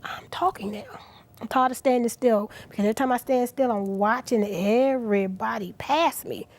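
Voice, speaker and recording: A middle-aged woman guest on a talk show, speaking earnestly and with feeling, at times dropping to a soft near-whisper. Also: on the high side, moderate pace. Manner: earnest, animated, drops to soft near-whispers at emotional moments. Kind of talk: inspirational talk show interview.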